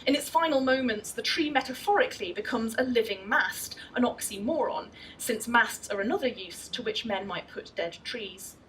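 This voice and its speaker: Woman lecturer, fairly high pitch, measured and expressive with verse, recorded from a distance in a festival venue. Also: a little hiss or hum. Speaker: literary scholar giving a lecture. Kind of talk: formal lecture with poetry readings.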